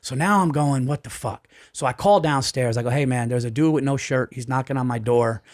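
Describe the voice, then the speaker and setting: A man, a comedian on a podcast, telling a story in an animated, profane way and acting out the voices of the people in it. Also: medium pitch, brisk. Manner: profane, excitable, acts out voices. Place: podcast studio. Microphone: studio mic.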